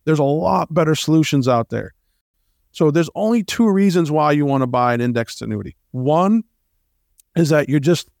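A man's voice: a little high, animated, moderate pace, creaky, a little mellow, no echo, clean studio sound. A man hosting a retirement planning show, making his case in a persuasive radio monologue full of rhetorical questions and asides to the listeners.

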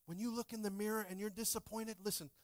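A man in his thirties preaching a sermon in a church, full of jokes and playful asides to the congregation, swinging between loud bursts and soft asides. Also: sits high, fairly even intonation, fast talker. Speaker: pastor. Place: church sanctuary.

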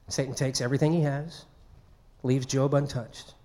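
A man's voice: mid-range voice, steady tone, normal speed, dark tone. A man preaching a sermon in a conversational way, acting out quoted speech. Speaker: pastor.

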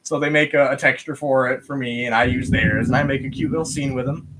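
A man from West Michigan, a podcast guest telling a story in a lively, profane way and acting out the voices of people he quotes. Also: mid-range voice, quick pace, background noise. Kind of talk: casual storytelling.

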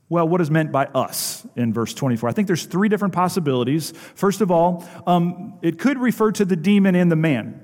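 A man's voice: high voice, animated, fairly quick, few pauses, a little mellow. Preaching man in a reverberant church. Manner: emphatic, asks the congregation rhetorical questions. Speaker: pastor. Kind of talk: sermon. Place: church sanctuary. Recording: long hall reverb.

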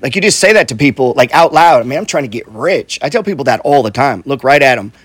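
Fast and expressive in a mid-range voice, a middle-aged real estate investor and coach gives a casual motivational talk. He's blunt and profane, says things more than once, and keeps tossing in "right?" and "bro." No room sound is audible.

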